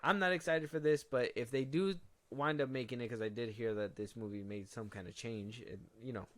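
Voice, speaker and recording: A man's voice: mid-range voice, brisk. A man co-hosting a movie podcast in casual, profane banter, joking and acting out reactions. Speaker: podcast co-host.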